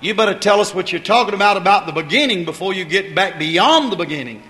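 A man's voice: high-pitched, lively intonation, quick pace, bright, forceful tone. A man preaching a sermon, repeating phrases with rising emphasis and calling out to the congregation. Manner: calls out to the congregation. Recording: reverberant hall.

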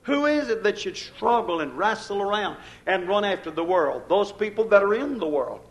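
A man's voice: sits high, lively intonation, normal speed, poor audio. A male minister preaching a sermon in a folksy way, often calling out to his congregation.

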